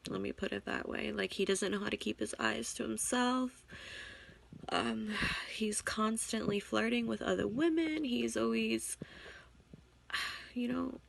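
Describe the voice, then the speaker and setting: Distraught young woman venting, gravelly voice. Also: a little high, a little hiss or hum. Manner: halting, repeating herself, sighing. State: tearful, on the verge of crying. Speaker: vlogger. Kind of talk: emotional confessional vlog. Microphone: camera mic.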